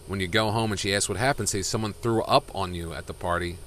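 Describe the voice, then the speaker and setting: Bright, animated man telling a joke. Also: on the low side, fast, slight background noise. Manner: animated storyteller, shifts voices for characters. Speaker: podcast co-host. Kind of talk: casual joke-telling chat.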